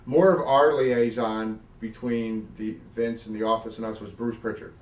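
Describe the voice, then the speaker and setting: A middle-aged former wrestler from South Jersey tells stories as an interview guest, animated, swearing freely, and acting out vivid quoted dialogue. His voice is lowish with a moderate pace. The distant mic gives a roomy sound.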